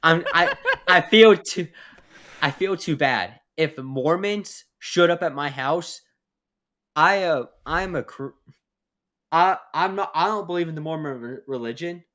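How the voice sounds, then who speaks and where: A man's voice: fairly high pitch, a little slow, fairly bright tone. A young man co-hosting a casual podcast chat, telling stories in a rambling way, swearing freely and laughing at his own tales. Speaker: podcast co-host.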